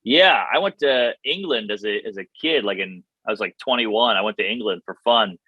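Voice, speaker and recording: An American man in his thirties, a comedian guest telling stories casually with quick, jokey asides. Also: on the low side, sharp tone, husky, no echo, dull audio. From United States. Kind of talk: casual chat.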